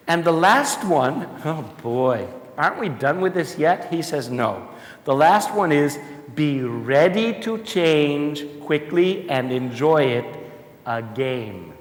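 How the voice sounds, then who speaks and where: A man giving an animated, jokey conference talk and addressing the audience directly. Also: fairly high pitch, unhurried. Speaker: conference speaker. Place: large conference hall. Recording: echoey hall with long reverb.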